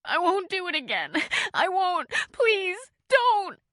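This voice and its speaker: Narrator lady doing a scared young woman sobbing and begging, way up high and loud, dry close sound. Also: sing-song, slow, no echo, heavily acted. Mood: pleading, sobbing. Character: terrified battered young woman pleading.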